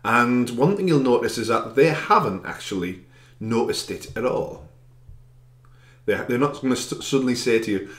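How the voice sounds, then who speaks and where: A man's voice: mid-range voice, moderate pace, a bit bright, roomy sound. A man working as an anxiety coach gives a direct, encouraging self-help talk, stressing chosen words with extra volume.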